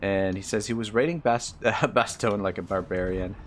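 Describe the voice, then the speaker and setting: Male streamer, East Coast Canadian accent, lowish, relaxed chat-reading commentary. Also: moderate pace, a little hiss or hum. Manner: easygoing, chuckling, reads chat aloud. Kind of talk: casual live-stream gameplay commentary.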